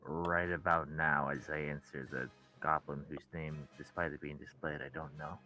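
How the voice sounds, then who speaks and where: Player: dry-humored man, deep and bright-toned. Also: steady tone, moderate pace, faint music behind, low-quality recording. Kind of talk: casual tabletop game chat.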